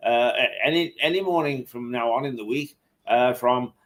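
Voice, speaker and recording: A man's voice: medium pitch, moderate pace, fairly bright tone. A man hosting a casual interview, hesitant, with many fillers and restarts. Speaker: host. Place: hotel.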